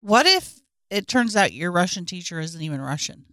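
A woman's voice: on the low side, sing-song, moderate pace, no echo, studio quality. A young woman co-hosting a casual chat, playful and jokey. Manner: playful, jokey, bursts into silly shouts.

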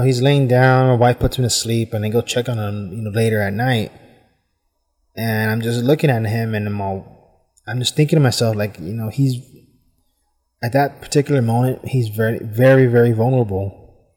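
A man's voice: mid-range voice, a little mellow, in a large hall. An American man hosting a podcast in a casual, reflective monologue. He talks at home in a hot room with fans running, rambling thoughtfully and leaning on "I mean" fillers. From United States. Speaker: podcast host.

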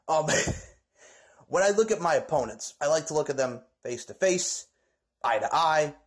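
Boastful man cutting a wrestling promo. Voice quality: rhyming, boastful, swings between shouting and low growls. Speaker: amateur wrestling promo performer.

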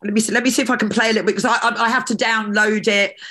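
A woman's voice: fairly high pitch, steady tone, rapid-fire, fairly bright tone. Chatty woman hosting a podcast. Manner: chatty and effusive, laughing often. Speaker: podcast host. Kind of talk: casual interview chat.

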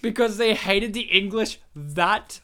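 A woman's voice: medium pitch, slow, a bit bright. A woman co-hosting a podcast in casual chat, rambling from one point to the next and laughing often mid-sentence. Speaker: podcast co-host.

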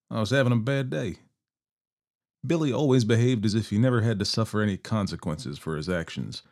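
Man reading a story, low voice. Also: darkish tone. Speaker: story reader.

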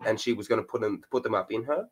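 A young man in casual chat, teasing crudely and breaking into high bursts of laughter. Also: quick pace, breathy edge.

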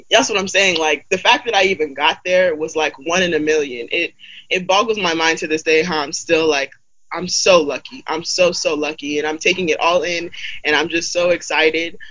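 A woman in her twenties telling stories in a casual group chat, animated and full of fillers. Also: mid-range voice, muffled recording. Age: 20s. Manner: animated storytelling with many fillers.

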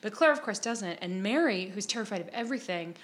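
A woman's voice: mid-range voice, animated, fast. A woman co-hosting a podcast, chatting casually about a TV episode, laughing often and playful. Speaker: podcast co-host. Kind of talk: casual chat recapping a TV episode.

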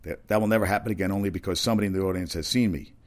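Deep-voiced rambling talk host. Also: male voice, steady tone, racing, darkish tone. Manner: rambling, conversational, with restarts and asides.

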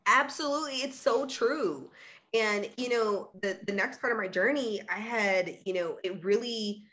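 A woman in her thirties candidly telling a personal story in conversation, earnest, with quick bursts and many fillers. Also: mid-range voice, fairly bright tone. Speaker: guest sharing her story.

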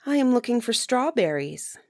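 A timid young girl from a storybook speaks in a high, plaintive voice, as a woman reader puts her on. She pleads softly and sounds fearful, with a dry, close sound. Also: big pitch swings, normal speed, no echo. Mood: wondering. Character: poor timid young girl, gentle stepdaughter.

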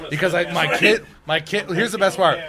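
High-voiced storytelling man amid bar chatter. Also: normal speed. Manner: animated storyteller, acts out voices. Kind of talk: casual banter. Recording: loud crowd chatter behind.

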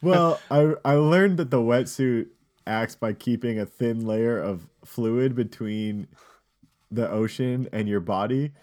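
A man's voice: medium pitch, slow, darkish tone. A man co-hosting a podcast, telling a rambling story in casual banter, with lots of fillers. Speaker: podcast co-host.

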